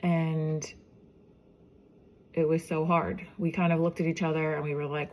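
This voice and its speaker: A woman's voice: low voice, flat delivery, measured pace, long pauses, darkish tone. A woman in her forties, a mother, telling her own story in a casual, chatty way and often acting out what others said.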